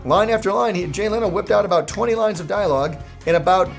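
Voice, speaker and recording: A man's voice: high-pitched, fast, vocal fry, soft background music. A middle-aged man, a cartoon creator, telling a comic story in a playful, jokey way.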